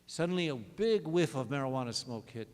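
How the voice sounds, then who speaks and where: A man, a state legislator, rebutting in floor debate with an animated, anecdotal style. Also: medium pitch, brisk. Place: large legislative chamber. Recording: long chamber reverb.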